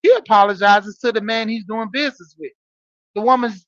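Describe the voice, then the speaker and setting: A man's voice: high voice, moderate pace, fairly bright tone, no echo, highs cut off. A man in his forties hosting a casual monologue show, telling stories to listeners with lots of fillers. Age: 40s. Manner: storytelling, talking straight to listeners with frequent fillers. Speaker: podcast host and wrestling coach. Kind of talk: casual monologue, greeting live chat.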